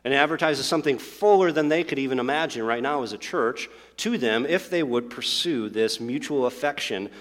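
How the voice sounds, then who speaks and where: A man's voice: mid-range voice, a little fast, hardly any pauses, fairly bright tone. A man preaching a sermon as pastor, earnest and emphatic, praying and then asking rhetorical questions to his congregation. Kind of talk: sermon with prayer. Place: church sanctuary. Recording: long hall reverb.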